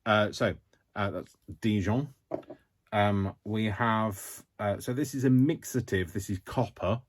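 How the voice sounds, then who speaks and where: A man's voice: lowish voice, unhurried, a little hiss or hum. A man hosting a casual craft haul vlog, talking to camera in a chatty, rambling way with many ums and self-mocking jokes. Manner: jokey, self-mocking humour. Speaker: craft vlogger.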